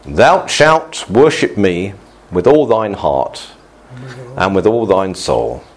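A man putting on a pompous churchgoer who prophesies in old-fashioned scripture English with a slow, solemn delivery. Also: low-pitched, big pitch swings, heavily acted.

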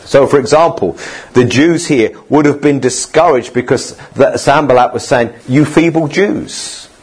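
A man preaches in an easygoing, conversational way. His voice is slightly husky, and his pitch sits in a middle range. Now and then he slips into quoted voices to make a point. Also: normal speed. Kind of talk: sermon.

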